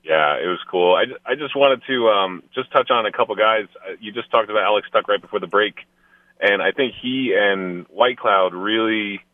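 Very low-voiced hoarse man on phone. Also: moderate pace, dry recording. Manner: rambling, hesitant with fillers. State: losing his voice. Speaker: caller. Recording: phone line.

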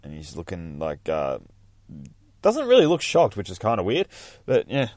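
A man's voice: sits low, huge pitch swings, moderate pace, darkish tone, no room sound, studio quality. A man casually reading through a comic book, cursing freely and rambling about the panels. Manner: profane, rambling, bursts of hype. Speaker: comic reader vlogger.

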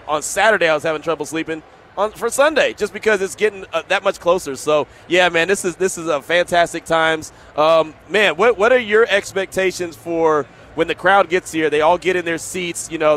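A man's voice: a little high, a little fast, a bit bright, a little hiss or hum. A man hosting live sports radio outdoors at a stadium, upbeat and full of hype, repeating phrases. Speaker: radio host.

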